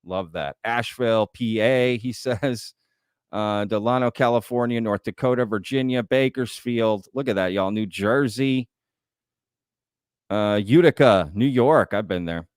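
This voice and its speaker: A man's voice: on the low side, unhurried, clear, resonant tone, no echo, studio quality. A man from Texas hosting a live-stream news show, chatting casually and reading out viewers' messages in a folksy way. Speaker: host.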